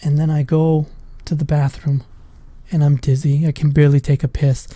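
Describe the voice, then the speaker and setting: A man's voice: fairly high pitch, little pitch movement, moderate pace, dark tone, dry recording. A man, a father, casually telling a personal story in a rambling, profane way. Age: adult with a school-age daughter. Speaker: vlogger.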